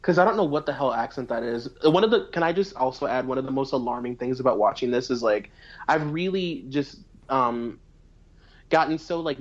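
Animated young woman podcast co-host. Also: a bass voice, muffled recording. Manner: animated, laughs readily, filler-heavy. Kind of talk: casual chat recapping a TV show.

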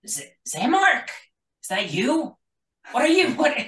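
A man playing a frantic wounded young soldier in a tabletop game, stammering over every word. His voice jumps high and strained, with a roomy, distant sound. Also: very animated, slow pace, a bit bright, full character voice. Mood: startled. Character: injured young male soldier, panicky, apologetic.

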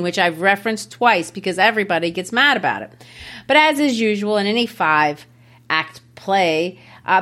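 A woman with a mid-range voice analyzes a stage play in a relaxed co-hosted discussion. She is clearly amused by the characters and explains them in careful detail. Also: mid-range voice. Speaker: podcast co-host discussing a play. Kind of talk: casual literary discussion.

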